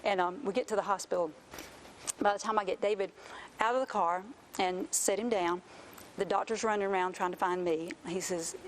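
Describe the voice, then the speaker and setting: A woman, a mother telling an emotional personal story as an interview guest, earnest and animated. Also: medium pitch, fairly quick, slight background noise. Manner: earnest, animated retelling with quoted voices.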